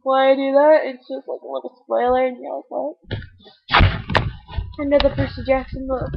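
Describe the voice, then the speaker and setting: High-voiced giggly teen girl on a webcam. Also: level tone, fast, creaky. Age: teens. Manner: chatty and giggly, lots of filler words. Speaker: book vlogger. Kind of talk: casual webcam chat. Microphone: webcam microphone. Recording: dull webcam audio with faint hiss.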